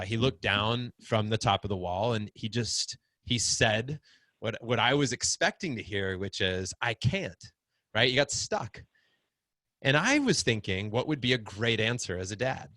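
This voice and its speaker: A middle-aged man telling a story in casual conversation, acting out quotes with big swings in pitch. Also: no room sound. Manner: animated, acts out quotes with big pitch jumps. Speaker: podcast guest, fatherhood group founder.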